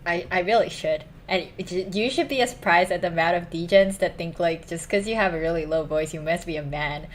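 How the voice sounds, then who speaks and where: Young woman streamer, hoarse and kinda low, lots of ums and restarts. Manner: halting, many restarts and ums, self-conscious. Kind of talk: casual chat stream.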